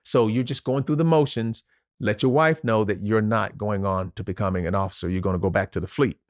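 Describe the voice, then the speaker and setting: A man's voice: fairly low pitch, no echo, studio quality. A man, a retired Navy officer telling a personal story as a podcast guest in an earnest, emotional way. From Louisiana, USA. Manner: earnest, emotional, vivid retelling with pauses.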